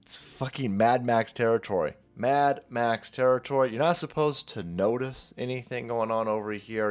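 A man's voice: medium pitch, normal speed, few pauses, soft background music. A man hosting a political commentary channel, ranting in a profane, sarcastic, mocking way.

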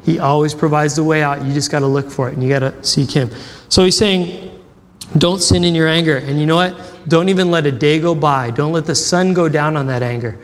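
Heard through a long hall reverb, a pastor with a slightly high voice speaks a little fast, preaching a sermon through a lively story, acting out quotes and questioning the crowd.

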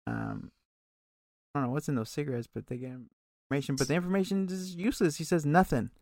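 A man co-hosting a casual chat, recapping an episode in a loose, profane way with quick asides. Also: on the high side, big pitch swings, a little mellow, no echo, clean studio sound. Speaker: podcast co-host recapping a TV episode.

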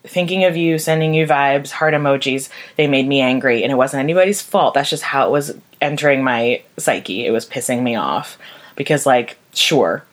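Young woman, low voice, candid grief monologue, raw, profane, heartfelt. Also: normal speed. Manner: raw and emotional, swears freely. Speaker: vlogger.

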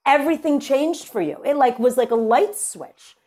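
A woman hosting a podcast interview, effusive and encouraging, her voice dropping low and soft on heavy topics. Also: expressive, normal speed. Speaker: podcast host. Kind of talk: emotional interview conversation.

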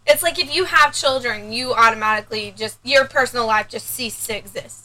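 A woman co-hosting a casual podcast chat, telling everyday stories in an animated way and acting out what people said. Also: fairly high pitch, fairly quick, over a noisy crowd, rough recording. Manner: animated storyteller who acts out quoted voices. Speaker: podcast co-host.

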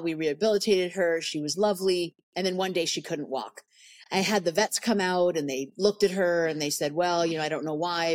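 Earnest woman telling a story, low voice. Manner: earnest, emphatic, repeats words for stress. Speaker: podcast guest, animal sanctuary founder. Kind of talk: casual storytelling interview.

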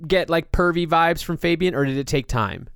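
A man's voice: a little high, normal speed, a bit bright, smooth, no echo, clean studio sound. A man hosting a podcast, chatting casually and loosely with lots of filler words. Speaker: podcast host.

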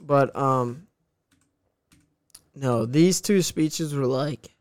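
A young man co-hosting a podcast, talking in an excitable, rambling way full of "like". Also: medium pitch, drawn-out words, no room sound, studio quality. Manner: excitable, rambling, heavy use of "like". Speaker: podcast co-host. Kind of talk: casual chat.

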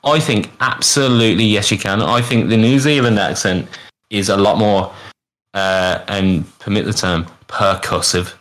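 A low-voiced man hosting a casual podcast chat. He jokes around, swears freely and slips into playful accent impressions as he talks. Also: steady tone, unhurried, a bit bright. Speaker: podcast host.

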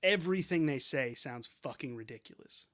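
A man's voice: medium pitch, expressive, moderate pace, a bit bright. A man co-hosting a podcast in casual chat, rambling and swearing, often restarting his sentences. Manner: rambling, profane, restarts a lot. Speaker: podcast co-host.

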